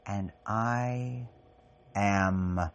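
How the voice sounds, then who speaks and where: A man delivering a personal spoken essay as a podcast host, halting and raw, with long pauses and swearing. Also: fairly low pitch, lo-fi sound. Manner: raw and profane.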